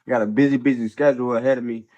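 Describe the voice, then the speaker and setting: Speaking rapid-fire in a steady, mid-range voice with a dark tone, a slightly sick football commentary host gives his blunt, opinionated takes on a casual show. He swears, uses slang, and drops "bro" and "man" constantly over lo-fi audio.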